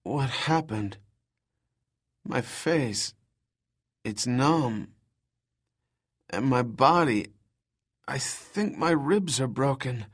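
A woman's voice: rumbling low, expressive, drawn-out words, pauses often, breathy edge, heavily acted. A man voicing an injured young woman held captive, speaking in a ragged, weak voice. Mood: weak, dazed.

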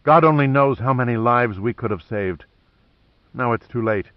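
A tough female agent who speaks with steady, fierce determination, as a male narrator puts her on. The voice stays close to his own, captured in a muffled, dry studio. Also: mid-range voice, moderate pace, no echo, close to an everyday voice. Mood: earnest.

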